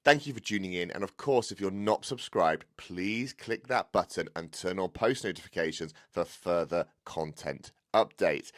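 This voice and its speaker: Male podcast host, very low voice, easygoing banter, frequent laughter. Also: normal speed, hardly any pauses, fairly bright tone. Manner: laughs often, swears casually. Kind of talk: casual podcast chat.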